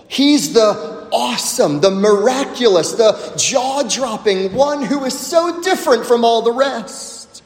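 A pastor preaches to his congregation, a man with a high voice that swings widely in pitch. He takes his time, pausing for emphasis and sinking to a quiet hush on key words. His voice rings through a large hall with a long, echoing reverb. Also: animated. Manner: emphatic preaching with slow dramatic pauses and dropping to a low hush. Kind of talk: sermon. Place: church sanctuary.

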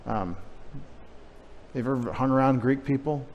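A man's voice: medium pitch, unhurried, lo-fi sound, a little hiss or hum. Man preaching in a reverberant church. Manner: conversational, emphatic preaching with wry humorous asides. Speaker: pastor. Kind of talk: sermon. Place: church sanctuary. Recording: long hall reverb.

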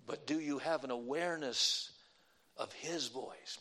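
A man preaching a sermon, quoting scripture and swinging between emphatic outbursts and quiet lines. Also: medium pitch, a little slow.

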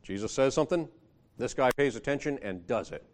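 A man delivering a sermon in an easygoing, conversational manner. His voice sits at an ordinary middle pitch. He swells louder and higher when he quotes scripture, then drops back to explain it, often closing with a rhetorical question. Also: expressive, a little fast. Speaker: preacher.

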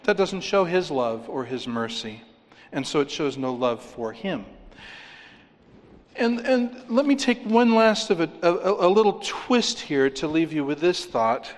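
Emphatic preacher in a reverberant hall. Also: male voice, very animated, unhurried. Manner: emphatic preaching, rising on key points, drops low and quiet to stress. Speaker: pastor. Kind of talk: sermon.

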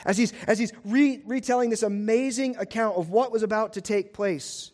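A man with a notably high voice delivers a sermon as pastor. He drives his points home through repetition and emphasis. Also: moderate pace, a little mellow.

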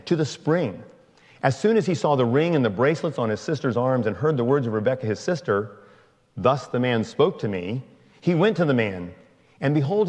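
A man reading a long scripture passage aloud in a slow, measured way. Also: mid-range voice, darkish tone, long reverb tail. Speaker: scripture reader.

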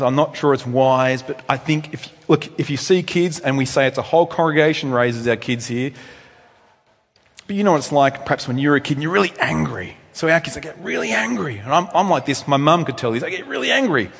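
A male pastor preaches in a relaxed, conversational way, tossing in asides to the congregation. His voice sits a little high for a man and swings from loud, lifted emphasis to hushed, low tones. A long reverb rings around him in a church hall. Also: a little fast, vocal fry, slightly rough. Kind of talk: sermon.

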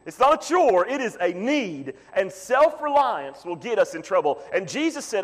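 A man's voice: sing-song, moderate pace, hardly any pauses. Preaching man in a reverberant church. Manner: emphatic preaching, swings from loud pleading to low quiet asides. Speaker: pastor. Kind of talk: sermon.

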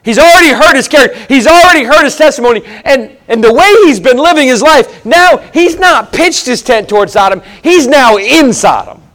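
High-voiced preacher man. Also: expressive, fairly quick, hardly any pauses. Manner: emphatic, repeats phrases, swings between loud and hushed. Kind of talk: sermon.

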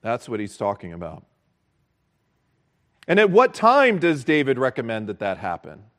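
A man preaching a sermon as pastor, earnest and measured, repeating key phrases for emphasis. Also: medium pitch, wildly swooping pitch, fairly bright tone.

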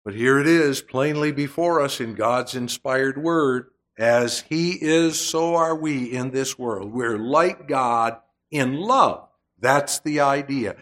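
A man preaching a sermon, slow and deliberate, with emphatic swells on key words. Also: medium pitch, fairly bright tone.

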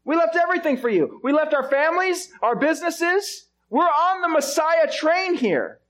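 A preacher doing a protesting disciple. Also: male voice, very high voice, expressive, moderate pace, a bit bright, voice pushed up. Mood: pleading. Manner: incredulous, protesting. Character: exasperated male disciple objecting to his teacher.

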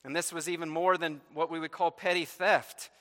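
Male pastor, expository sermon, bright clear tone, fairly high voice, echoing church hall. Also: fairly even intonation, moderate pace. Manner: expository preaching, reads scripture aloud, asks rhetorical questions.

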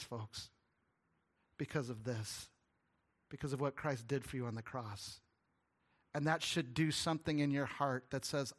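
A man preaching a sermon as pastor, telling stories and acting out little dialogues, moving between hushed and loud delivery. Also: on the high side. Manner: storytelling preacher, dropping to hushed tones and rising to loud ones; acts out little dialogues with the congregation.

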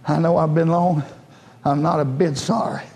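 A male pastor preaching a fervent sermon in a church, rising at times into high shouted cries. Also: steady tone, normal speed, vocal fry, big-room sound. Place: church sanctuary.

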